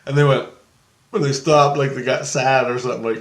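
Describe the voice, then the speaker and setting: A man's voice: mid-range voice, fairly even intonation, fairly quick, reverberant. A man telling a story in a casual, rambling way. He swears, laughs often and acts out the voices of the people in it. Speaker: storyteller recounting an astral travel experience.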